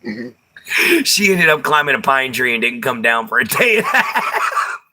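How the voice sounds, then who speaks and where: A Texan man hosts a livestream, reading viewer comments in casual chat, laughing often and using Southern slang. His medium-pitched voice is sing-song and sharp, at a moderate pace.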